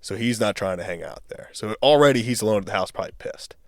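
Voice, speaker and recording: Swearing, animated young man telling a story. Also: fairly low pitch, fast, no room sound, studio quality. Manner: animated storyteller, swears freely, rises loud when reliving anger. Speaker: podcast co-host. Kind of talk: casual storytelling chat.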